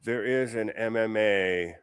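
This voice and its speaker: A man's voice: lowish voice, measured pace, clean tone, no room sound, clean studio sound. A man hosting a show, chatting casually as he reacts to videos, rambling and swearing, stuffing his talk with fillers and laughing often. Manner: rambling, profane, full of "you know" fillers. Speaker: host.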